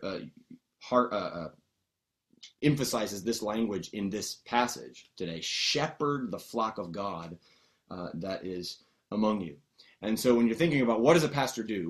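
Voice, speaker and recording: A man preaching a teaching sermon in a conversational way, with many fillers and restarts as he patiently explains Greek words. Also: lowish voice. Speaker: pastor.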